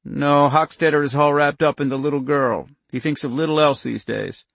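A dazed older government chief, as a man puts him on, pitched a little above the narrator's own gravelly voice. He answers in flat, obedient repetitions, going whiny and childish when pushed. Dry, close sound. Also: normal speed, dry recording. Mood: whining.

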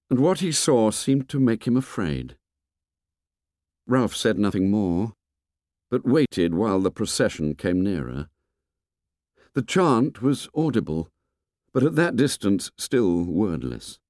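A man narrating a novel in a measured, expressive storytelling voice. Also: mid-range voice, no echo, clean studio sound. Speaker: audiobook narrator. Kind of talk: scripted narration.

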